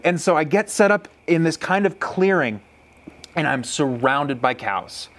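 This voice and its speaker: Young guy co-host telling a story, super animated voice, all over the place, does animal calls. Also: on the high side, unhurried, very noisy. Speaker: podcast co-host. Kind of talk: casual storytelling.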